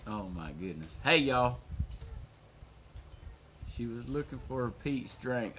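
A man with a Southern US accent hosting a casual livestream, folksy and quick to laugh as he chats with viewers. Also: medium pitch, expressive, a bit bright. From Georgia, USA. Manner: folksy, laughs often, reads out viewer comments. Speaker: livestream host. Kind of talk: casual live chat with viewers.

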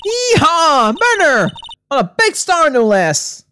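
A brash, pushy reporter woman with a Southern US drawl, as a woman puts her on. She is loud and forceful, her pitch swinging widely, over game music. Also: huge pitch swings, slow, a little hiss or hum, exaggerated voice. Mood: gleeful. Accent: Southern US (attempted).

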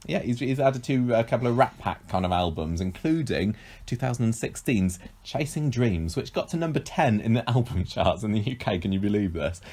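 A man co-hosting a podcast in easygoing chat. His pitch moves a lot and sounds animated. He is talkative and self-deprecating and laughs often. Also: a little fast, hardly any pauses, breathy edge. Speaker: podcast co-host.

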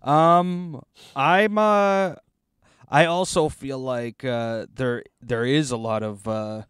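A man's voice: medium pitch, slow, a bit bright, smooth, no echo. Guy in a car on a podcast, laughs a lot, lots of ums, dry close sound. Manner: laughs often, hesitant with many fillers. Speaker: podcast co-host. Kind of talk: casual chat. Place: inside a car.

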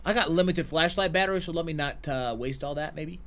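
A man streaming a horror game live, excitable and profane, chatting with his viewers in slang and breaking into shouts. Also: fairly high pitch, brisk, a little hiss or hum. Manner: slangy banter with chat. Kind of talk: live horror gameplay commentary.

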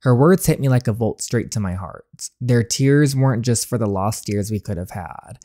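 A guilt-ridden young man in a story game, telling his heartbreak in first person, read by a man in his own voice. He speaks softly and earnestly, mid-pitched, in a dry, close sound. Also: moderate pace, no room sound, natural voice. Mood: sorrowful. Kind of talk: reading game narration aloud.

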